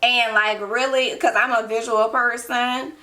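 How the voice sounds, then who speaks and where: A woman's voice: on the high side, steady tone, unhurried, sharp tone. A woman, a nurse talking in a casual personal vlog from a room at home, chatty and loose with lots of fillers. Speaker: ER nurse and beauty blogger.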